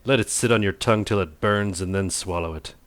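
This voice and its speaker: A man's voice: sits low, brisk, a bit bright, dry recording. A man hosting a casual cooking video, talking in a playful, goofy way with self-mocking jokes. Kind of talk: casual cooking vlog narration.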